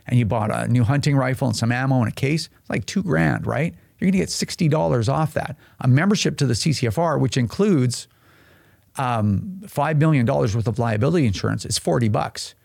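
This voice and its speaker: A man who leads an advocacy group, explaining a member program in a casual, conversational way and acting out quick little exchanges. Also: mid-range voice, vocal fry, a little mellow, no room sound, studio quality.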